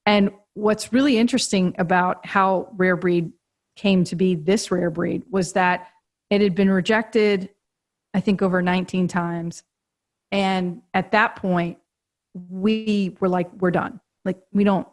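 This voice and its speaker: A woman's voice: on the low side, fairly even intonation, moderate pace, darkish tone. A woman guest on a podcast interview, telling a story animatedly, laughing often and acting out quoted dialogue. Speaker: guest, agency co-founder and author. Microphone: podcast remote call.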